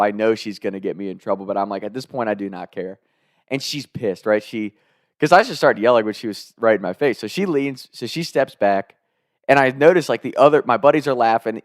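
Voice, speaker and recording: A young man telling a story from his school days in a casual, animated way, acting out what people said, with sudden loud outbursts. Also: medium pitch, no echo, studio quality.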